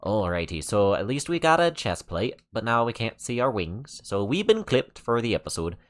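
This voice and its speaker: A rambling gamer with a deliberately clumsy, exaggerated Canadian accent, as a man puts it on, tossing in "eh" and "bud" over let's-play commentary. The voice sits fairly low and the talk is loose and full of fillers. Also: big pitch swings. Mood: chatty. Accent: put-on Canadian.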